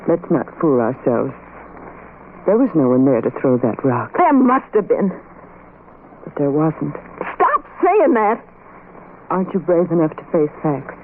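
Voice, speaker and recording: An actress playing a frightened, pleading young working woman in a 1930s radio play, heard through a tinny, hissy old broadcast. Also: fairly low pitch. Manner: anxious, pleading.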